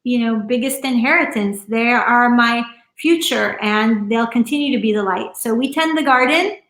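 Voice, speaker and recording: A middle-aged woman speaking as an interview guest from her home, earnest and rambling, with plenty of fillers and restarts. Her voice sits a bit high. The room gives it a noticeable echo. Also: moderate pace, fairly bright tone. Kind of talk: casual conversational interview.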